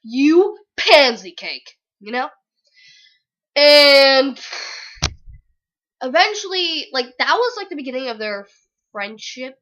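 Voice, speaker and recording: A young woman giving an excited, gushing book review in a casual, dramatic way. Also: high-pitched, takes it slowly, pauses often, lo-fi sound. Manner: gushing, dramatic, very animated retelling.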